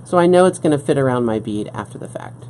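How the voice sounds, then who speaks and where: A woman teaching beading on a live craft stream talks fast in a very deep, mellow, expressive voice. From her work-table setup she patiently explains each step and often checks in with "okay?", with slight background noise present.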